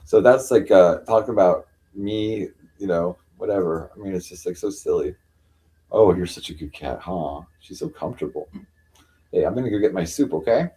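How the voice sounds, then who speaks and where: A man on a casual live stream at home, rambling with many fillers and cooing at his cats in a higher voice. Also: moderate pace, dark tone. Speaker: livestreamer.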